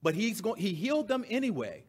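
Male preacher, high-pitched, emphatic sermon delivery with repeated phrases. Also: very animated, brisk, a little mellow, breathy edge. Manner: emphatic, repeats key phrases for stress, reads scripture aloud.

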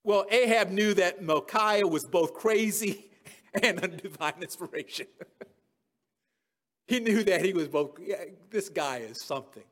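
A man's voice: sits high, measured pace, a bit bright. A man preaching a sermon, retelling a scripture story in everyday words and chuckling at his own jokes. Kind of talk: expository sermon.

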